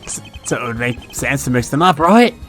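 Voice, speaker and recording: A man's voice: mid-range voice, moderate pace, soft background music, lightly acted. A man voicing a flustered middle-aged male witness in a courtroom game, with a put-on accent and a stammering, defensive manner.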